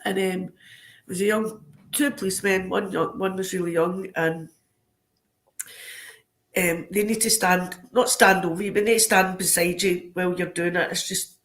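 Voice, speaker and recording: A woman with a Scottish accent, a podcast guest telling animated anecdotes in a casual way. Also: on the low side, normal speed. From Scotland. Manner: lively, animated anecdotes broken by frequent laughter. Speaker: podcast guest, crime scene cleaner. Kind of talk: casual storytelling.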